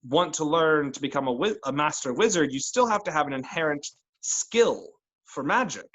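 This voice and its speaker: A man voicing a gentle, maternal woman who teaches divination, in his own everyday voice, speaking softly and sweetly. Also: a little high, animated, muffled recording. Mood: puzzled. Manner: soft, sweet, unhurried speech.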